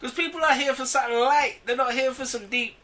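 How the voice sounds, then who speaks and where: A man co-hosting a podcast, bantering casually, defensive and quick to laugh. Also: extremely high pitch, fairly even intonation, bright, forceful tone, slight background noise, low-quality recording. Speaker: podcast co-host.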